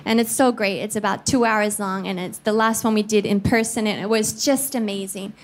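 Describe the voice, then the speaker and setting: A woman's voice: mid-range voice, a little fast. A woman in her thirties of Filipino background preaching a sermon as a pastor, telling stories and playfully acting out voices. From Philippines. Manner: animated, acts out voices playfully. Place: church studio.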